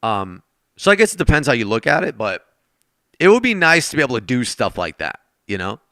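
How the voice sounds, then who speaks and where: A man's voice: medium pitch, huge pitch swings, a little fast, pushed and bright, no echo, clean studio sound. A man streaming a game and chatting casually with his viewers, thanking donors and talking straight to chat from his desk.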